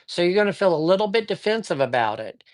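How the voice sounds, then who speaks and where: A man hosting a casual live stream, telling ghost stories with lively acted-out dialogue and giving tarot readings to viewers. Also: high-pitched, fast talker. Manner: lively storyteller who acts out dialogue. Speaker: live-stream host and psychic reader.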